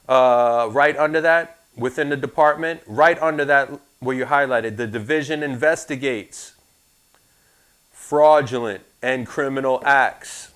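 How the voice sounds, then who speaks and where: A man leads a live insurance class in a loose, joking way. He turns to his students with asides between points and gets lively as he goes. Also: mid-range voice, smooth. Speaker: insurance licensing instructor.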